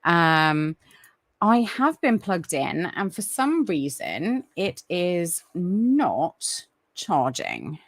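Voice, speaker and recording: A woman's voice: fairly low pitch, wildly swooping pitch, drawn-out words, no room sound. A woman hosting a casual live stream, chatty and apologetic, with lots of ums and restarts. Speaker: livestream host.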